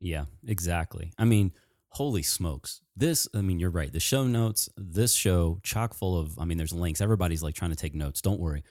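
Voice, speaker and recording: A man hosting a podcast, chatting casually and excitedly about nursing careers. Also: low-pitched, no room sound, clean studio sound. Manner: excitable, animated, talks fast. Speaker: podcast host. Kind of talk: casual chat.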